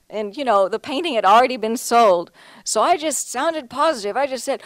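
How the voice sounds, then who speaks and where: A woman's voice: a little high, expressive, a little slow, no echo. A woman artist giving a casual talk about her paintings, chatty and laughing often, with plenty of restarts and "you know"s. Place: museum lecture hall.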